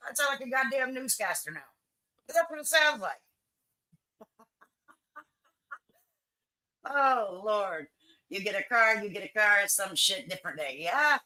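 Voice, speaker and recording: Older woman, livestream host, blunt and opinionated, very bright sharp voice, lively swooping pitch. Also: normal speed, rough recording. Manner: blunt, opinionated, repeats herself, swears. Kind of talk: casual chat with viewers.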